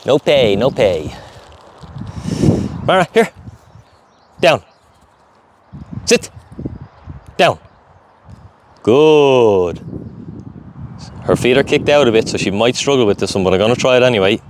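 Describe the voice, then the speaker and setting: Male dog trainer, casual, animated delivery, outdoor noise in the background. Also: mid-range voice, takes it slowly, pauses often. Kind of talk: live training session commentary.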